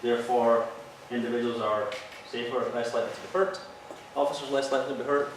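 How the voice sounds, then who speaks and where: Earnest police officer lecturing in echoey hall. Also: male voice, mid-range voice, fairly even intonation, fast talker, noisy background. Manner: earnest, explanatory, tells field stories. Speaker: police officer giving a training talk. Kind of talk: presentation to an audience. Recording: echoey hall, mic from far off.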